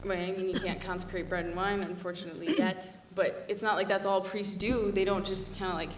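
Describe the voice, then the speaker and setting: A woman's voice: medium pitch, little pitch movement, brisk, recorded from a distance, a little hiss or hum. Earnest young woman in an echoey hall. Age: young adult. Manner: earnest and passionate, chatty with frequent "like". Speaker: student panelist. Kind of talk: panel talk.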